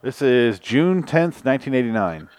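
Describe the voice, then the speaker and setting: A man's voice: mid-range voice, very animated, moderate pace, a crowd in the background. A young adult man hosting a podcast, chatting casually and swearing freely while reviewing an episode. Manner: profane, laughing banter. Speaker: podcast host.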